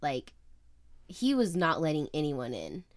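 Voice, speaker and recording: Chatty young woman, lowish voice, swears freely, full of fillers, dry close sound. She talks casually as a podcast co-host and keeps her speech loose and unpolished. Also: sing-song, a little slow, no room sound. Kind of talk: casual chat.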